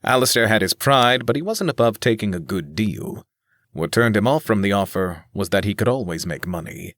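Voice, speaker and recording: Low-voiced man reading an audiobook. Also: moderate pace, dry recording, studio quality. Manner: steady, even reading. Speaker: audiobook narrator. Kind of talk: scripted narration.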